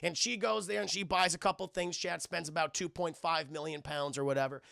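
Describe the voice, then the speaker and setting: A male streamer reviewing a film, swearing freely and tossing asides to his chat. His voice sits high with a gravelly, bright edge. The close mic sounds dry. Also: fairly quick, no room sound. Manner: profane, animated, keeps addressing chat.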